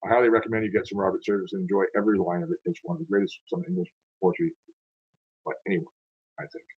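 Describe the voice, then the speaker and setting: A man's voice: on the low side, very animated, fast talker, husky, no echo. A tired man who reads poems aloud, then rambles and corrects himself as he stumbles over words. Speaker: poetry reader. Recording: dull lo-fi sound, dry.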